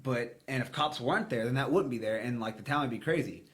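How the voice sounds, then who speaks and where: A man's voice: medium pitch, fast talker, a bit bright. American dude on a podcast, blunt and sweary, rambles his opinions. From United States. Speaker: podcast co-host. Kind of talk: casual podcast discussion.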